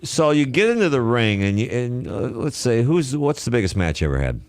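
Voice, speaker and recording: A man's voice: medium pitch, sing-song, fairly quick. A man hosting a radio talk show in casual, joking chat, often talking over his guests.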